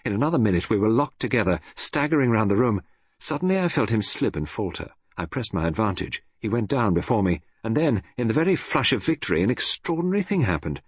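A male narrator reading a story aloud in a low, slightly husky voice. His delivery is expressive, with pitch moving widely from line to line. The recording is dry and close. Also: fast, dry recording. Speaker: audiobook narrator. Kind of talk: scripted narration.

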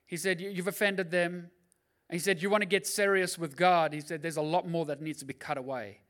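A middle-aged man preaching as a pastor, swinging between loud urging and quiet, personal storytelling. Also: fairly high pitch, steady tone, brisk. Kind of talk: sermon.

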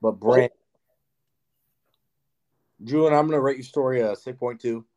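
A man's voice: mid-range voice, unhurried, dull audio. A young man co-hosting a podcast, telling a story in casual, profane chat full of "like". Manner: animated, profane storytelling with lots of "like". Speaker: podcast co-host.

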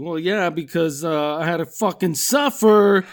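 A middle-aged man with a fairly high voice for a man runs through a comic rant on his podcast. He swears constantly and wanders from story to story in a loose, rambling way. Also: unhurried. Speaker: podcast host. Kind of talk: comedic rant monologue.

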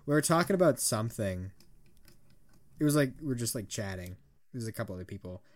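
With a medium-pitched, expressive, brisk voice, this twenty-something podcast co-host rambles through stories in a casual chat, punctuated by frequent laughter and easygoing swearing.

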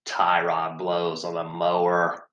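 A man's voice: low-pitched, monotone, slow pace, fairly bright tone, reverberant. A man telling a story in a profane casual chat, swearing heavily, sighing and laughing as he talks.

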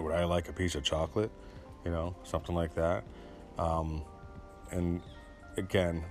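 Low-voiced rambling opinionated man. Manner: rambling, opinionated, many fillers and restarts. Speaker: commentator. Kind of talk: casual monologue commentary.

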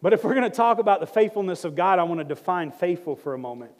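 A man preaching a sermon in a church, with a lively, joking way of teaching and praying. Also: high voice, fast, big-room sound. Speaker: pastor. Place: church sanctuary.

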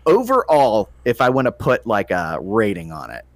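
A man co-hosting a casual gaming podcast, rambling through a game review with lots of halting restarts. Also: fairly low pitch, wildly swooping pitch, dry recording. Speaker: podcast co-host.

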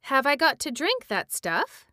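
A woman's voice: high-pitched, wildly swooping pitch, measured pace, bright, forceful tone, no echo, studio quality, pitched above the performer's own voice, heavily acted. A woman voicing a timid, anxious young boy in a read-aloud story, pleading nervously.

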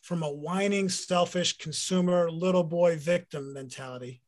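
Interview guest, man in middle age, raised pitch, animated storyteller sharing a heartfelt testimony. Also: moderate pace. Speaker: guest, former pro football player. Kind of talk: personal faith testimony in conversation.

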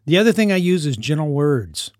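A man's voice: a little high, big pitch swings, fairly quick, darkish tone, no echo, clean studio sound. A man who mentors teenagers gives an earnest parenting talk, often repeating and restarting his phrases. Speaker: youth mentor living with teens.

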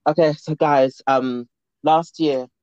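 A man's voice: fairly high pitch, fairly even intonation, slow pace, darkish tone, smooth, no room sound. A man hosting a casual chat, playful and giggly, breaking into bits of song. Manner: playful, giggly, bursts into singing. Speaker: podcast host. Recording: dull, dry, lo-fi sound.

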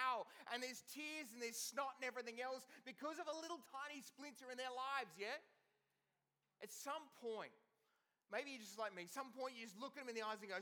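A man, preaching a sermon to a church and telling stories with animated swings between loud and hushed. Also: very high-pitched, clean tone. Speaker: pastor.

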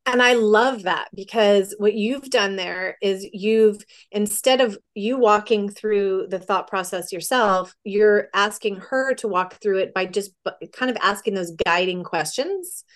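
A middle-aged woman, mid-range in pitch, talks through parenting advice in a relaxed podcast conversation. She keeps acting out short exchanges between parent and child as she explains. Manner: acts out parent-child dialogue with quick quoted voices. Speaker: parenting guest.

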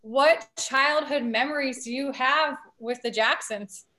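A woman hosting an interview, asking measured questions. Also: high-pitched, sharp tone. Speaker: host.

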